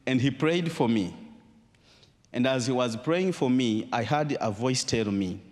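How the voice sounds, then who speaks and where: Male guest speaker, storytelling testimony, dramatic pauses, echoing large hall. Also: mid-range voice, a little mellow. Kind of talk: personal testimony talk.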